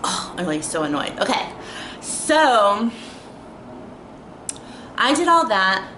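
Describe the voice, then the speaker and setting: A young woman vlogger delivers an exasperated storytime rant packed with "like" and other fillers. Her medium-pitched voice is sing-song, bright, and forceful, and she takes it slowly, recorded in an echoey room with faint ambience and a little hiss or hum.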